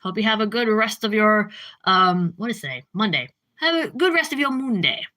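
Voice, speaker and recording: A woman streamer chatting casually with her live chat, rambling and jumping up in pitch when she gets worked up. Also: animated, moderate pace, pushed and bright. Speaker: livestreamer.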